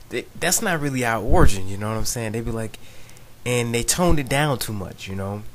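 A man's voice: fairly low pitch, a little hiss or hum. A man giving a rambling, casual video response, full of ums and "you know what I'm saying". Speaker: video blogger.

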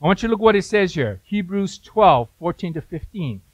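A man's voice: sits high, big pitch swings, brisk, a little mellow, no echo, muffled recording. A male pastor preaching a sermon in a conversational way, with frequent asides to the congregation.

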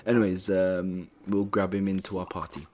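A man's voice: sits low, flat delivery, normal speed, a little mellow, slight background noise. A man casually commenting on his own gameplay, rambling and correcting himself as he reads the game's dialogue aloud. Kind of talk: casual let's-play commentary.

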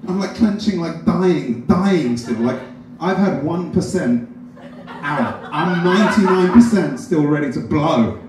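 A young English man doing stand-up, telling a self-deprecating story in an animated way. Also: fairly high pitch, unhurried, a crowd in the background. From England. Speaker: stand-up comedian. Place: open mic at a coffee shop. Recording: distant mic in a very echoey room with noise.

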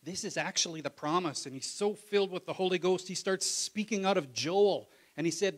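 This pastor's voice is high and fairly quick, with hardly any pauses. He preaches in an easygoing, chatty way, voicing biblical figures and swinging from hushed asides to loud appeals.

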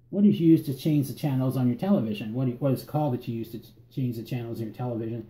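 A man from Northern Virginia with that region's accent works through an accent tag word list in a relaxed, halting way and stops to repeat himself. His voice is very dark and mellow, at a middling pitch. The recording carries a roomy echo. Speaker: vlogger.

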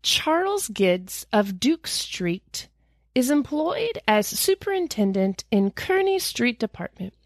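A woman's voice: slow, no room sound, studio quality. A young adult woman co-hosting a podcast, telling stories in casual chat and reading news clippings aloud with playful asides. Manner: animated, swoops into high squeals for emphasis. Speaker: podcast co-host.

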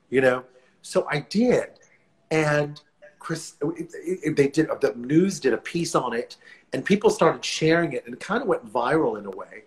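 A man, a guest actor telling stories in a relaxed live interview over a video call, rambling warmly with frequent restarts. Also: a little high, normal speed. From New Orleans, USA. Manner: warm, rambling storyteller with many restarts. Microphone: phone or laptop on a video call.

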